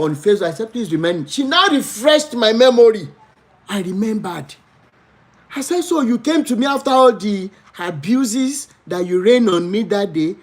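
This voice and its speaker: Nigerian man, live-stream host, animated storyteller, pleading tone, swooping pitch. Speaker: livestream host.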